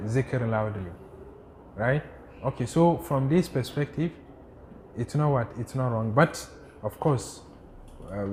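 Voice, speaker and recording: Guy teaching a religion class, mellow voice, keeps going "what?" and answering himself, faint hiss behind. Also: mid-range voice. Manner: asks rhetorical "what?" questions and answers them himself; recites Arabic quotations rapidly. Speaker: Islamic studies teacher. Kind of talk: classroom lecture with questions.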